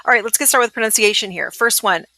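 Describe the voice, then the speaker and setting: A woman's voice: fairly high pitch, bright, forceful tone, no echo. Woman, teacher, recorded pronunciation lesson, dry close sound, encouraging, asks listeners to repeat. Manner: modeling words slowly, then repeating them at natural speed. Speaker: Spanish teacher.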